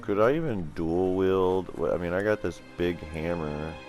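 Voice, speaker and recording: A man's voice: low voice, normal speed, darkish tone, faint music behind. A sleepy man just out of bed, casually talking through a video game as he plays and reacts. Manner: thinks aloud, reacts to the game. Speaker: let's play gamer. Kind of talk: casual gameplay commentary.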